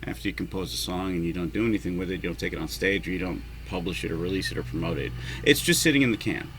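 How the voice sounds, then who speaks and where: This home vlog features a musician talking to himself in a rambling solo monologue, full of swearing and self-mockery. He speaks in a low, flat voice at a racing pace, the background is noisy, and lawnmowers can be heard from the neighborhood.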